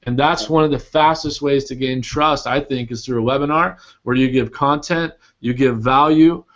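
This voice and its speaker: Brief: laid-back male call host, mid-pitched, loose phrasing, dull audio. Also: moderate pace, fairly bright tone. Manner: casual, rambling questions with many "like" fillers. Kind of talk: casual group call.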